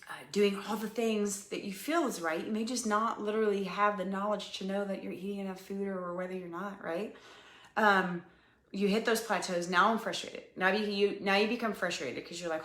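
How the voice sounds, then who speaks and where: A woman's voice: mid-range voice, fairly even intonation, moderate pace, fairly bright tone. Woman, podcast host, casual coaching talk, filler-heavy, roomy echo. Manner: chatty, repetitive, many ums and "you guys".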